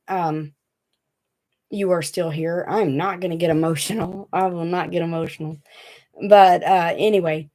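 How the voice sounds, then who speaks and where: A woman with a Southern US drawl chats loosely to her viewers on a home livestream. Her voice sits a little low, and she rambles from thought to thought with a fidgety, talkative ease. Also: darkish tone. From Tennessee. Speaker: DIY craft channel host. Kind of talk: casual livestream chat. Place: small hot room at home.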